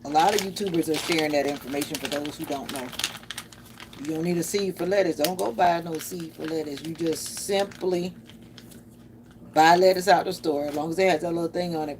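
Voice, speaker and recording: A woman with a low voice and a Southern country twang talks to her viewers in a rambling, easygoing way. She chats while busy at home. Clicks and crinkling from the kitchen come through clearly behind her. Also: fairly even intonation, fairly quick, a little mellow, slight background noise. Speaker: vlogger. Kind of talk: casual vlog chat while cooking.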